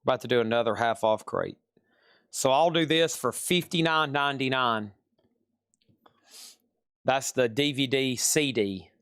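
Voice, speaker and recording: A man's voice: mid-range voice, unhurried, long pauses, a bit bright, smooth, dry recording, clean studio sound. A man with a Southern US accent hosting a live sales stream, chatty and repeating prices and buyer names.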